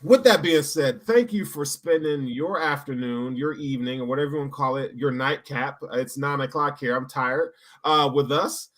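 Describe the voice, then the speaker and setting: A man hosting a casual sports podcast, joking loudly and giving shout-outs to viewers. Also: medium pitch, moderate pace, few pauses. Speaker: podcast host.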